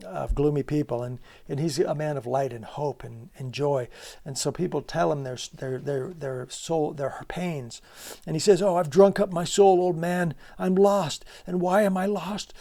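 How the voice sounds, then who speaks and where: Earnest gravelly man lecturing on literature. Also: medium pitch, dark tone. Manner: earnest, emphatic, rhetorical questions, many restarts.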